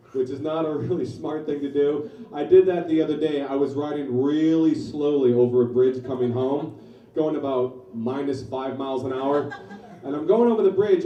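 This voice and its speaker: Brief: comic in his forties, mellow deadpan delivery, mic distant in a roomy bar. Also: on the high side, muffled recording. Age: 40s. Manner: deadpan storytelling with loud punchlines. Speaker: stand-up comedian. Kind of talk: stand-up set. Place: small New York comedy bar. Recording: echoey bar from far off. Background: audience laughter.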